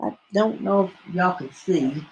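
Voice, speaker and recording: The recording is muffled with a noisy background, and the man's high voice is gravelly and unhurried. A North Alabama native in his fifties with a Southern accent, he hosts a casual livestream, chatting with viewers in a rambling, folksy manner.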